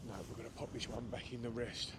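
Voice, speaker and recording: Speaking quickly in a flat, mid-range voice, a British angler vlogger gives his viewers a casual rundown of his fishing to camera. The setting is an open beach at night with a strong, cold wind, which causes heavy wind noise on the mic.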